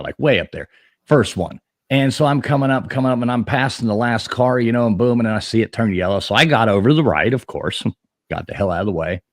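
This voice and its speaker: A man with a lowish voice spins a rambling, profane road story in a relaxed podcast chat, chuckling along the way. The sound is dry and close, with no room around it. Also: dry recording.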